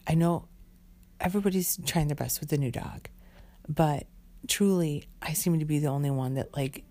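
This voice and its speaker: Overtired woman, low voice, profane exasperated rant, guitar music underneath. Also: darkish tone. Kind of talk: casual ranting monologue.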